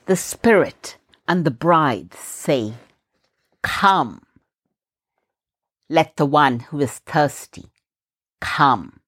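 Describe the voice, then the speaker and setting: A woman from India hosting a Christian meditation podcast, calmly guiding breathing and scripture reflection. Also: deep voice. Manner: calm, slow, gently instructive.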